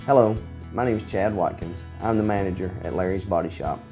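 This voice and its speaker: A man's voice: sits low, a little fast, mellow, soft background music. A man, a shop manager reading a scripted radio ad in a plain way. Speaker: business manager in an ad.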